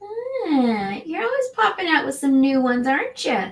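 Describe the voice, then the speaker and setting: A woman's voice: high voice, very animated, moderate pace. A woman on a craft chat panel, friendly and encouraging in casual conversation.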